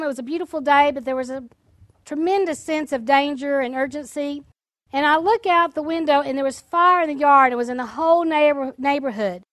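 A woman with a high voice preaches a testimony sermon. She tells her stories in a lively way and acts out the people in them. The recording is dry and close. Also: no room sound. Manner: lively storytelling, acts out quoted speech; exhorting, preacherly. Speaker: prophet speaking to a church audience.

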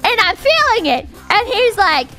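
A woman's voice: very high voice, sing-song, normal speed, bright, forceful tone, soft background music. A woman streamer telling a story in a casual, rambling way, swearing and giggling often. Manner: rambling, profane, giggly, with frequent restarts.

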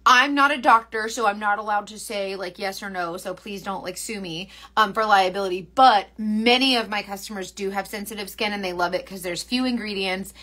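A woman's voice: medium pitch, fairly quick, hardly any pauses, sharp tone. A young woman hosting a makeup livestream, rambling and giggling as she reads viewer comments. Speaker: makeup seller and livestream host. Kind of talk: chatty livestream talk.

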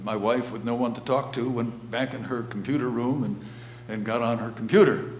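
A man preaching a storytelling sermon, unhurried, who often drops to a quiet, low voice. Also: steady tone. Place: church sanctuary. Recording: roomy church echo, faint hum.

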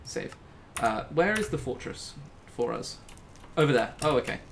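A man giving casual, jokey commentary as he plays a video game, talking himself through it and breaking into high squeals when something startles him. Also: animated, moderate pace, gravelly, a little hiss or hum. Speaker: gaming YouTuber.

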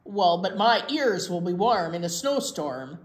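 A woman's voice: on the low side, animated, unhurried. A woman voicing a proud, stubborn little male hedgehog who insists on his point, heard in an echoey room. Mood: indignant. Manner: indignant, insistent.

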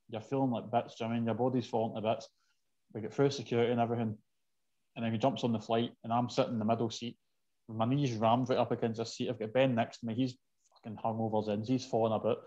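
A Scottish man telling a story in casual chat, animated and swearing freely. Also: medium pitch, fast, dull audio.

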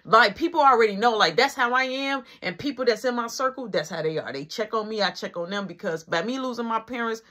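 A man spins a long personal story in a casual vlog, loose and slangy. His voice is bright and sharp, and he keeps checking in with the listener as he goes. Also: very high-pitched, fairly quick, few pauses.

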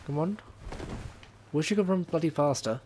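A man giving casual commentary over his own gameplay. He rambles and reacts loudly, swearing when things go wrong. A faint hiss of noise sits under his voice. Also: fairly high pitch, normal speed. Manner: excitable, swearing, shouting at the game. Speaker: gaming video host. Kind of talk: casual let's-play commentary.

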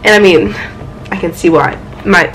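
A young woman chatting casually at home about her manga haul, excitable and playful, with loud exclamations and quick asides. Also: on the low side, background noise. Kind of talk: casual chat.

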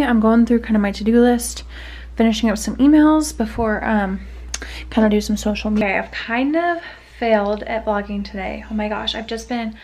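A young woman vlogger chats casually about her day, often saying "y'all." Her voice is high and slightly mellow.

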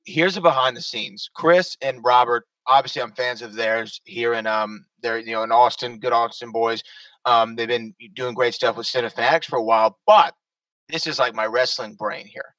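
A man hosting a casual panel chat, talkative and quick to laugh. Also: medium pitch, a bit bright, no room sound, distant mic, rough recording. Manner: chatty, laughs often. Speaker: host.

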